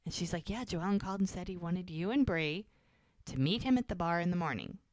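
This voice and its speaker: A woman co-hosting a podcast, chatting casually and retelling scenes with animated acted-out dialogue. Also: fairly low pitch, fairly quick, dry recording. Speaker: podcast co-host. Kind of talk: casual chat recapping a TV episode.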